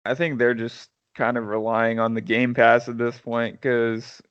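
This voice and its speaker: A man co-hosting a podcast, chatting casually and rambling, often trailing off quietly at the ends of phrases. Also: medium pitch, level tone, unhurried, smooth, no echo, highs cut off. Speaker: podcast co-host. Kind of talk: casual chat.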